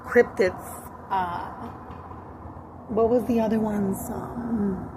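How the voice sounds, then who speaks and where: A woman's voice: medium pitch, fairly even intonation, drawn-out words, noisy background. A woman venting bluntly in a casual monologue, cursing and switching into Spanish. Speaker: vlogger.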